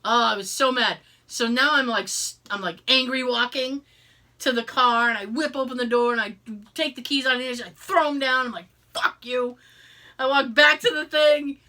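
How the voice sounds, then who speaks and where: A woman co-hosting a podcast, telling a story in casual chat, animated and exasperated, swearing freely and joking. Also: high-pitched, normal speed. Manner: jokey, contradicts herself for laughs. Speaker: podcast co-host.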